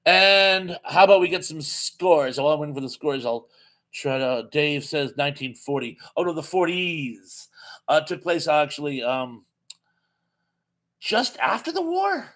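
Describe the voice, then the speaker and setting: A man's voice: on the high side, normal speed, a bit bright. A man hosting a live-streamed TV trivia quiz in a casual, chatty way, reading out viewer comments and laughing at his own jokes. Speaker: live show host running a TV trivia quiz.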